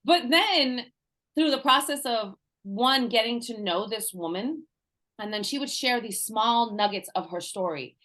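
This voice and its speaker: A woman's voice: on the high side, animated, a little slow, bright, forceful tone. A woman in her forties, a guest coach, telling personal stories in a casual interview, laughing often and acting out the voices of people she quotes. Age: 40s.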